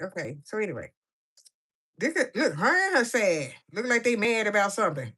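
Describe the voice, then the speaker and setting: Casting note: an easygoing woman vlogger, chatty and playful, with a middle-pitched voice. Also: very animated, fairly quick, sharp tone, breathy edge. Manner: playful, chatty, laughing commentary. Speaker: coloring vlogger. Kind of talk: casual chat while coloring.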